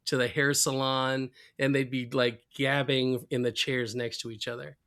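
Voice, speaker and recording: A man co-hosting a casual podcast, relaxed and enthusiastic, laughing often as he recaps a cartoon episode. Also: mid-range voice, normal speed, clean tone. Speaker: podcast co-host.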